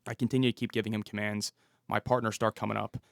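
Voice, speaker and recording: A man's voice: on the low side, little pitch movement, fast talker, vocal fry, no room sound, studio quality. A man in his thirties, a police officer and podcast guest, telling a story and acting out what people said. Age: 30s. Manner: vivid storyteller who acts out the dialogue. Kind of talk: storytelling interview.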